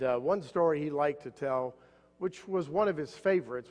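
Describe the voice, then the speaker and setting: A man preaching a sermon as pastor, an animated storyteller who jumps up in pitch for the voices in his stories. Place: church sanctuary. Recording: long hall reverb.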